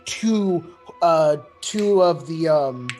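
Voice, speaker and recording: A man narrating a tabletop horror game as game master, animated and full of fillers and restarts. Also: a little high, very slow, faint music behind.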